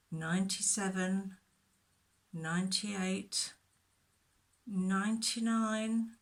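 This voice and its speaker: A woman telling a Bible story to children, expressive, with whispered asides. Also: fairly low pitch.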